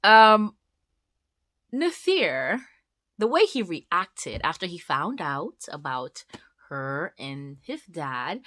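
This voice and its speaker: A woman chatting casually through a book review, animated and talkative, acting out the characters as she retells the plot. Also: fairly low pitch, no room sound. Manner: animated, chatty, quick asides and voiced retellings.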